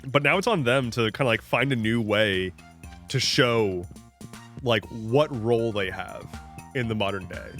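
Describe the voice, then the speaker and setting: A man's mid-range, slightly bright voice moves at a measured pace against soft background music. While streaming a farming game, he chats with his audience in a rambling, jokey way, veering off on tangents, restarting often and sometimes cursing.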